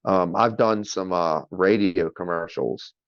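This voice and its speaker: A man's voice: low-pitched, a little slow, no room sound, muffled recording. A man telling a story in a loose, profane way, chatting casually as a podcast guest. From Maryland, US. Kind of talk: casual chat.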